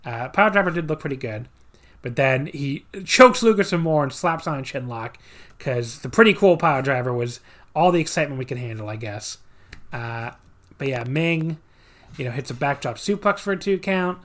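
A man hosts a podcast in a loose, casual way. He walks through a match move by move with dry, sarcastic jabs and plenty of filler words, in a voice of middle pitch. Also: animated, moderate pace, fairly bright tone. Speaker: podcast host. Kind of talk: casual wrestling review chat.

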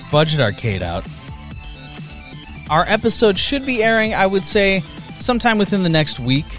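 A man's voice: high-pitched, fairly bright tone. A man hosting a podcast, giving upbeat promotional announcements. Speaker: podcast host.

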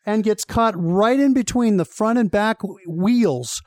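Dry, high-voiced man telling stories. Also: unhurried, dry recording. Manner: animated, laughing storyteller. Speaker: radio show host. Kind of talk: casual storytelling chat.

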